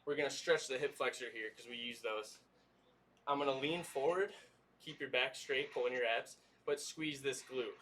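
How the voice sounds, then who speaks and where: Bright-voiced male fitness trainer, laid-back. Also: mid-range voice, moderate pace, far from the mic, a little hiss or hum. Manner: easygoing, coaching with lots of "y'all" and "okay?". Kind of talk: livestream workout instruction.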